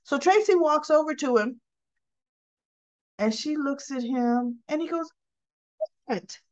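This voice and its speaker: Retelling soap opera scenes in an easygoing, chatty style, this female recap host voices each character's lines herself. Her fairly high voice is a little slow and slightly mellow, and the audio comes across as lo-fi and dull.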